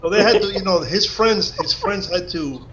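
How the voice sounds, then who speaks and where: A man's voice: high-pitched, moderate pace, crowd noise. Cuban-accented man on muffled call audio. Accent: Cuban Spanish. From Cuba. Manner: anecdotal storyteller. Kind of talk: casual chat on a video call.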